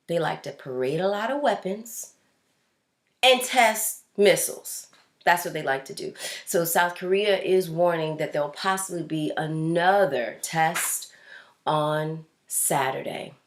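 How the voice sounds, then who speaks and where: A woman hosting a casual news commentary show, speaking in a fairly low voice. She talks in a chatty, loose way, with fillers and restarts. Her voice rings in an echoey room. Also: unhurried. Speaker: host.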